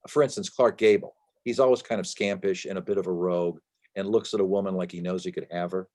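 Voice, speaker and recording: A man's voice: sits low, fairly even intonation, fast, darkish tone. A man answering interview questions as an author over a video call, talking at length with emphasis, frequent restarts and fillers. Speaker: author guest.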